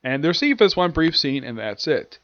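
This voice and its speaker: Man with a slightly high voice, casual anime reviewer, rambling recap, dry and dull-sounding home recording. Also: sing-song, no echo. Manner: rambling, with frequent restarts and quick acted quotes.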